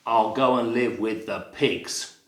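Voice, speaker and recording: A man's voice: medium pitch, steady tone, slow, reverberant, voice pushed down, lightly acted. A man voicing a fussy, restless young bunny who complains about everything he tries. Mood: complaining. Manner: complaining, fretful.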